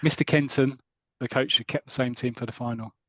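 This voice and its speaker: A man's voice: mid-range voice, steady tone, a little fast, a bit bright, no echo. A man co-hosting a podcast in casual chat, retelling a story and voicing the people in it along the way. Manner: retells a story with quoted voices and laughs. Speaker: podcast co-host.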